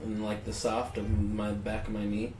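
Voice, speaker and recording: A man telling a short story in a casual, excitable way, with a lot of swearing. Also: fairly low pitch, normal speed, slight background noise. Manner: profane, excitable interjections. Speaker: podcast co-host. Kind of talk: casual chat. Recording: echoey room with music behind.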